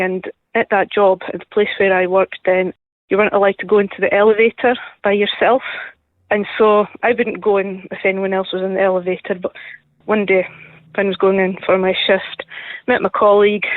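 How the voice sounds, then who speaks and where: Lady calling in, soft and hesitant, dry tinny phone sound. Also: mid-range voice, dry recording. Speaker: caller. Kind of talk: phone call to a talk show.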